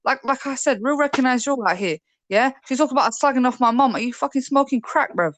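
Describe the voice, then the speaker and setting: High-voiced confrontational young London woman. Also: brisk, slight background noise. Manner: confrontational, swears, slangy. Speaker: panelist on a live debate stream. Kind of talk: heated live debate.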